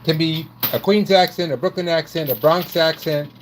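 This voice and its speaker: A man's voice: a little high, moderate pace, a little hiss or hum. Rambling man in his sixties from New York. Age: 60s. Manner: rambling, self-correcting storyteller. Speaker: host. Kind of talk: casual chat.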